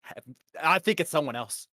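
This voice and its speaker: A man chatting on a podcast in a halting way, stopping and restarting often. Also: fairly high pitch, animated, sharp tone, dry recording, studio quality. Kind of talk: casual podcast chat.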